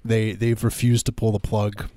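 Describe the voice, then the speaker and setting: A man co-hosting a comedy podcast, adding dry deadpan one-liners to the banter. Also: on the low side, normal speed. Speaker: podcast co-host. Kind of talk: casual comedic chat.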